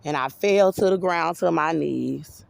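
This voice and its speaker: A woman's voice: low voice, unhurried, creaky, darkish tone, no echo. A woman giving an agitated, rambling personal monologue to camera, swearing freely. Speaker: vlogger.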